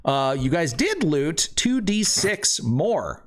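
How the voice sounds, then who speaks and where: A man's voice: a little high, sing-song, takes it slowly. A young man running a tabletop game as game master, narrating scenes with loose, joking asides and frequent laughter.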